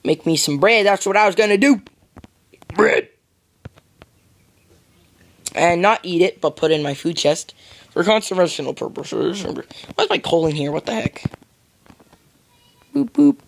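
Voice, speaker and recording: A man's voice: high-pitched, normal speed, long pauses. A young American man rambling through casual gameplay commentary, goofy and full of silly "boop" sound effects. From United States. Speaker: gamer.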